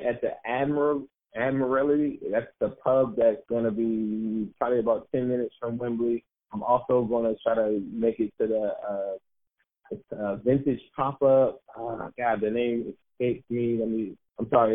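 A man co-hosting a sports podcast in loose, chatty, self-mocking talk, laughing easily. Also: mid-range voice. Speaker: podcast co-host. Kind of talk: casual sports podcast chat. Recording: tinny phone-like line.

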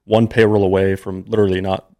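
A man's voice: deep voice, little pitch movement, quick pace, darkish tone. A man in his thirties, a podcast guest, telling a personal story in an earnest, emotional, conversational way.

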